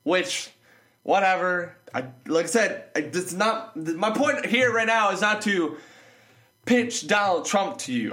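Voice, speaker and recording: A man's voice: high-pitched, fairly bright tone. A man ranting in a casual vlog, sarcastic and mocking, rambling with many restarts. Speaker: vlogger. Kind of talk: casual opinion rant. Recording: echoey room.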